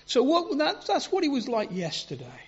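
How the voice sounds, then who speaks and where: A man preaching a sermon in an earnest, halting way, often repeating and restarting words. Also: very high voice, wildly swooping pitch, breathy edge. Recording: dull lo-fi sound.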